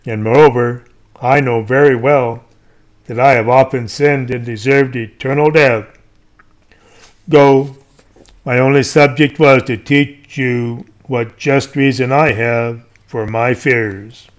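A man reading a sermon aloud in a solemn, declamatory way, with slow, emphatic calls. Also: medium pitch, fairly even intonation. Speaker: preacher.

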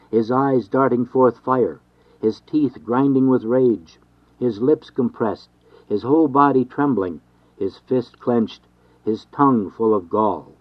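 A man reading an old devotional text aloud in a measured, formal way. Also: medium pitch, no echo. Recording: dry, dull lo-fi recording.

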